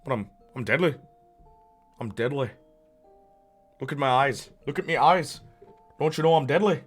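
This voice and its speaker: A man's voice: medium pitch, animated, normal speed, breathy edge. Dude doing a cocky hardman, swaggery and mock-threatening, music faint behind. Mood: swaggering. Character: cocky tough-guy Irish man.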